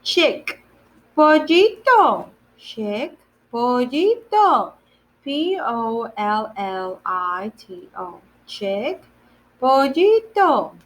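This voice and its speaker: A woman gives a children's lesson at an unhurried pace, with a voice sitting a little above the usual range. She repeats every word and spells it out letter by letter. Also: on the high side, very animated. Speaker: day camp Spanish teacher. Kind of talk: slow, patient lesson for children.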